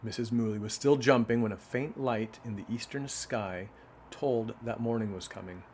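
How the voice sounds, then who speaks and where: A man reading picture books aloud in a casual way, adding relaxed asides between the stories. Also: lowish voice, moderate pace, slight background noise. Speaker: children's book reader.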